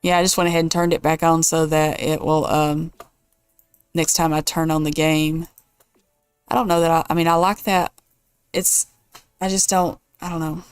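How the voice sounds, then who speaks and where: A woman's voice: low voice, flat delivery, normal speed, clear, resonant tone, no room sound, studio quality, soft background music. A woman hosting a casual let's play, thinking aloud and weighing choices as she builds. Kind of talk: casual gameplay commentary.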